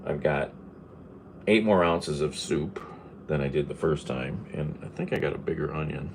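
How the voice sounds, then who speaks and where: A man's voice: rumbling low, moderate pace, creaky, noisy background. A man chatting casually and rambling as he chops onions in his home kitchen, chuckling to himself. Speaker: vlogger. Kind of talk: casual cooking vlog.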